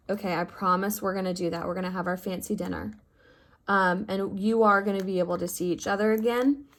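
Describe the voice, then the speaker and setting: A woman teacher speaks to her fifth graders in a recorded lesson, open and affectionate. Her voice sits at an ordinary middle pitch, and she keeps an upbeat, encouraging tone as she walks them through the math. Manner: heartfelt and affectionate with her students. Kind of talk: recorded remote class lesson.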